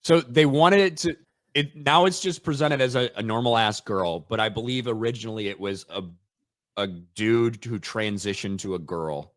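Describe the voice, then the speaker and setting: A man's voice: on the low side, moderate pace, a bit bright, dry recording, clean studio sound. An American man co-hosting a casual commentary chat, matter-of-fact and wry, reading out bits of text. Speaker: co-host.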